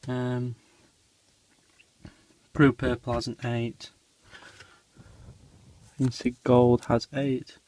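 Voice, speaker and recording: A man's voice: mid-range voice, little pitch movement, very slow, pauses often, dark tone. A man casually narrating a tarantula feeding vlog, rambling with lots of ums and dropping his voice near the animals. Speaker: tarantula keeper filming feedings.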